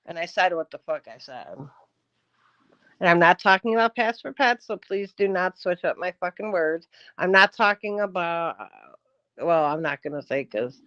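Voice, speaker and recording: A woman's voice: fairly low pitch, animated, moderate pace, a bit bright, no echo, muffled recording. A woman livestreaming in a casual rant, combative and profane, answering her chat.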